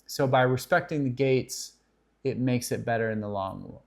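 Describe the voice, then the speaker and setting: A middle-aged man talking straight to his viewers in an earnest advice-giving way. His pitch sits in the middle for a man. He keeps acting out little example conversations, and he often restarts his sentences. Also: normal speed, creaky. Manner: earnest, acts out example dialogue, many restarts. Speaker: counselor and video host. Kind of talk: direct-to-camera advice talk.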